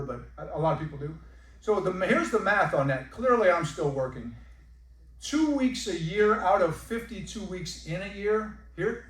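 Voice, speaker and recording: A man giving a folksy, joking sales pitch to a room of guests. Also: fairly bright tone. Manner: folksy, joking, uses y'all. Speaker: timeshare sales presenter. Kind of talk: sales pitch to a live audience. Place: presentation room. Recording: echoey room, mic at a distance.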